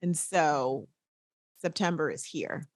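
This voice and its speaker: A woman's voice: sits low, slow, dry recording. Giggly rambling woman host, dry mic. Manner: giggly, rambling, says y'all. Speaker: podcast host. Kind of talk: casual chat.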